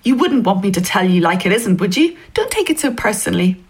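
A woman reading a story aloud, voicing a smug, patronising older male writer who talks in a slow, teasing lilt. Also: medium pitch, big pitch swings, husky. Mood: dismissive.

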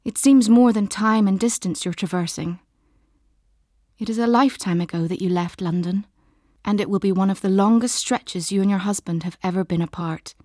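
Casting note: woman narrator, mid pitch, slow and intimate literary reading, very dry close sound. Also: no echo. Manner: slow, measured, intimate and soft. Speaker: audiobook narrator.

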